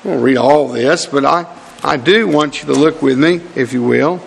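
A man's voice: medium pitch, normal speed, vocal fry, slight background noise. A middle-aged man preaching a sermon with fervent, repeated rhetorical questions. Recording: hall reverb.

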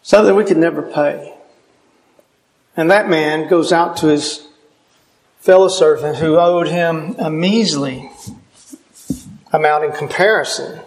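A man's voice: a little high, fairly bright tone. A man preaching a sermon, earnest and emphatic, putting questions to his listeners.

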